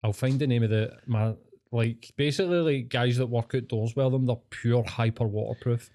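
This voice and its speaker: A man's voice: mid-range voice, normal speed, dark tone. A man with a Scottish accent chatting casually and swearing freely, telling long rambling stories. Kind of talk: casual chat.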